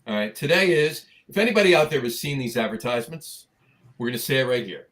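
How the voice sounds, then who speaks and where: Lively fast-talking male podcast host. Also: medium pitch. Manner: upbeat, jokey, banters with co-host. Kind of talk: casual chat.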